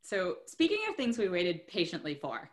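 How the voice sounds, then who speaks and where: A woman's voice: fairly low pitch, big pitch swings, moderate pace. A woman hosting a podcast, chatting casually and giving opinionated takes. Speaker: podcast host. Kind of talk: casual chat.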